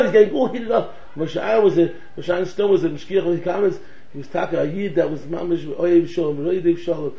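A man giving a Torah lecture in American English laced with Yiddish and Hebrew words, telling stories in an animated way and acting out the voices in them. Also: fairly high pitch, quick pace, gravelly. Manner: animated storytelling, acts out quoted voices. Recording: echoey room, dull lo-fi sound.

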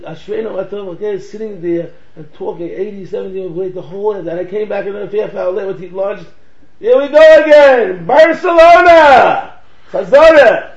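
A man giving a Torah lecture in American English laced with Yiddish and Hebrew words, telling stories in an animated way and acting out the voices in them. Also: sits high. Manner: animated storytelling, acts out quoted voices. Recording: echoey room, dull lo-fi sound.

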